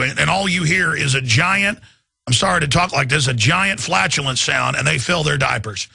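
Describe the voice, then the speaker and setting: A man's voice: on the high side, lively intonation, brisk, creaky, sharp tone, husky, dry recording. A man hosting a radio talk show, ranting in a rambling, mocking way and laughing at his own lurid images.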